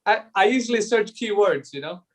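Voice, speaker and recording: Discussion leader, male, a touch high-pitched, reads texts aloud in an unhurried, chuckling way. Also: animated. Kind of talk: reading aloud and group discussion.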